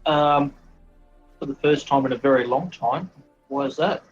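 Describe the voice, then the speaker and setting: A man's voice: medium pitch, normal speed, breathy edge, lo-fi sound, faint music behind. Hesitant polite male player. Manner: polite, hesitant, many ums. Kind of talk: casual tabletop game play.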